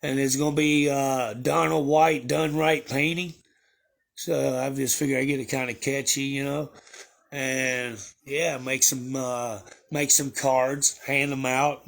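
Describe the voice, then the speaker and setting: Gravelly-voiced man rambling to his viewers. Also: mid-range voice, little pitch movement, measured pace, fairly bright tone. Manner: rambling storytelling with crude slang and fillers. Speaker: livestreamer. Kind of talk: casual chat to viewers.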